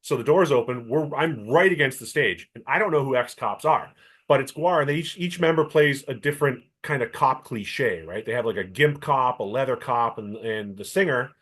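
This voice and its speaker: Animated storytelling man. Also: mid-range voice, slightly rough. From Canada. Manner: animated storyteller, acts out quoted voices. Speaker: podcast co-host. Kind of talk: casual chat.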